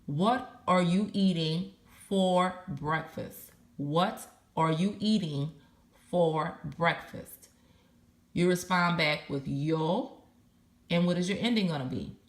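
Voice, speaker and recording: Slow, patient woman teaching Spanish. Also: lowish voice, reverberant. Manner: slow, patient, spells out endings letter by letter. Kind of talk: recorded language lesson.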